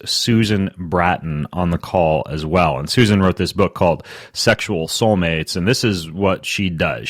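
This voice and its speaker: A man's voice: low-pitched, dry recording, clean studio sound. A man hosting a podcast, talking in a playful, conversational way as he introduces and questions his guests. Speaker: podcast host.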